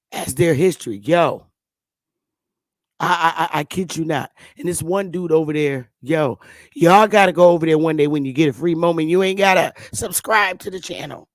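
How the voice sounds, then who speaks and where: A woman hosting her own channel, chatting to viewers in a loose, profane way, laughing often and stammering when she gets excited. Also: on the low side, dry recording, studio quality. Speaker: channel host. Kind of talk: casual commentary to viewers.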